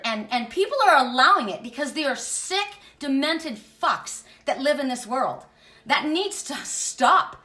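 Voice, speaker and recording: A woman's voice: high-pitched, bright, forceful tone, reverberant, far from the mic. A woman giving an impassioned spiritual monologue as host, emphatic and blunt, swearing freely.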